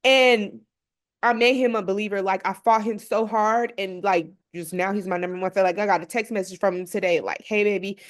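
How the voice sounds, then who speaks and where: A woman business owner and mother speaking on a panel, open and heartfelt. Her voice sits at an ordinary middle pitch, and "like" runs through nearly every phrase. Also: fairly even intonation, fairly quick. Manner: heartfelt, sprinkled with "like". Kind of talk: panel conversation.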